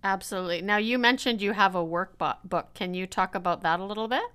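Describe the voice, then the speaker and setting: A woman's voice: medium pitch, brisk, bright, forceful tone, clean tone. A woman hosting an interview podcast, affirming her guest and asking follow-up questions. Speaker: podcast host. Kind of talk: conversational interview.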